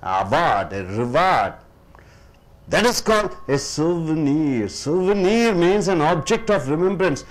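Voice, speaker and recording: A man with an Indian English accent teaching English pronunciation, slowly repeating each word as a drill. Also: fairly high pitch, very animated. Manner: slow, repeats words for drill, addresses listeners as sir. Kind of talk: classroom lesson.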